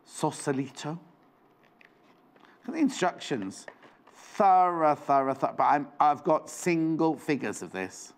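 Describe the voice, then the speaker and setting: A man's voice: a little high, very animated, unhurried, long pauses. A man presenting a live shopping show in a studio, chatty and rambling with jokey asides.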